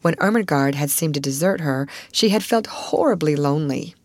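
Lively woman narrating a classic novel. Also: low voice, moderate pace, no room sound. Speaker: audiobook narrator.

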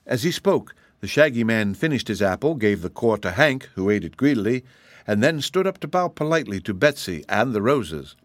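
A man narrating a children's storybook aloud with an expressive reading style. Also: lowish voice, moderate pace, no room sound, studio quality. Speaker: audiobook narrator.

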